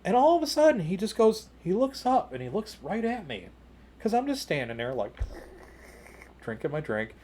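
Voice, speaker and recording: A man co-hosting a podcast, telling a long personal story in casual chat, full of "you know" and "like", rising higher and louder at the exciting parts. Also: normal speed, a little hiss or hum. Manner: jumps higher and louder when retelling excited moments. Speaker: podcast co-host.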